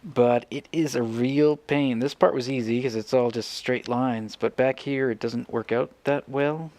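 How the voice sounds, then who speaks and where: A Minecraft let's player talks casually and rambles about his build, thinking aloud and correcting himself along the way. His mid-range voice has a darkish tone, fairly even intonation, and a measured pace.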